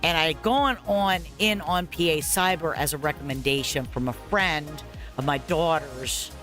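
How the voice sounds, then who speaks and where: A parent in her forties talks through a long personal story during gameplay, casual and frank, full of fillers, tangents and "blah, blah, blah." She speaks at normal speed in a low-pitched, slightly bright voice over soft background music.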